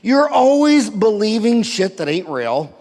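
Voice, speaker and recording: A man's voice: high voice, big pitch swings, measured pace, a little mellow. A middle-aged man giving a brash, profane, comedic rant at a seminar, telling stories one after another. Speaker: seminar speaker. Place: conference hall. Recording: hall reverb, live seminar.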